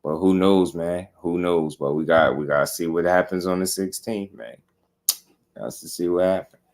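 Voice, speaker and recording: Casual host, low male voice, slangy rambling reaction talk. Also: normal speed, a little mellow. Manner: slangy, rambling, repeats "you know what I'm saying". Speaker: boxing commentary channel host.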